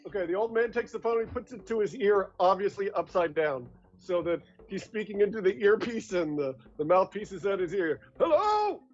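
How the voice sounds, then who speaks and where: A man playing a tabletop game, describing his character's actions with playful deadpan narration. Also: high voice, fairly quick, hardly any pauses. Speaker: player. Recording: dull lo-fi audio.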